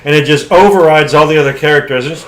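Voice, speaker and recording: Chatty opinionated man, slightly high voice. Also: fast, fairly bright tone. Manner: chatty, opinionated, swears casually. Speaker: podcast co-host. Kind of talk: casual movie chat.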